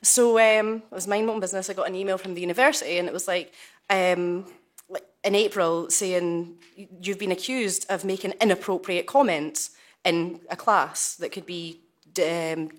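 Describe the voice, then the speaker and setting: Low-voiced woman telling her story. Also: steady tone, normal speed. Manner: chatty, colloquial, many fillers. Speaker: panel guest, law student.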